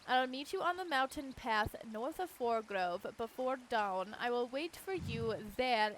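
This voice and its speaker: A woman performs a game character laying out the route in a put-on accent. The delivery is slow and deliberate, like reading quest text aloud. Faint background noise sits under the voice. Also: on the high side, fairly bright tone.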